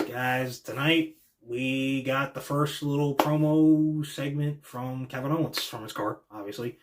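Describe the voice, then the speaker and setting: Over background noise, a podcast host speaks a little slowly in a steady, medium-pitched voice. His show is a casual wrestling reaction monologue in which he rambles through predictions, opinionated and full of fillers.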